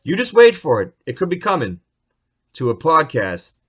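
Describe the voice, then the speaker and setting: A young man ranting on his solo podcast in a profane, rambling, excitable way. His voice sits fairly high, with a bright, forceful edge. His pitch swings widely and often. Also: moderate pace, breathy edge. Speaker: podcast host.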